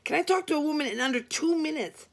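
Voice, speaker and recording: A woman's voice: sits high, animated, fast talker, pitched above the performer's own voice. A woman voicing an impatient male regular caller who drawls and makes clipped demands. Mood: pushy.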